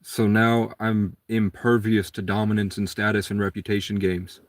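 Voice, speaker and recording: A man's voice: fairly low pitch, flat delivery, moderate pace, no echo, studio quality. A man telling a long personal story in a casual, rambling monologue. He acts out the other people's lines in a raised voice.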